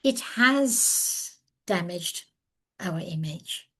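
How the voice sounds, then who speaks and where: A woman's voice: on the low side, animated, very slow, sharp tone, husky. A woman presenting a webinar lecture over a video call. She talks earnestly and with emphasis, and she tells her story with lots of animation. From from overseas, living in South Africa.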